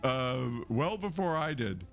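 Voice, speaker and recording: A man's voice: mid-range voice, sing-song, a little slow. Chatty guy streaming a game, laughs a lot, mid voice, faint music behind. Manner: chatty, laughing often, addresses chat. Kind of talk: casual live-stream commentary.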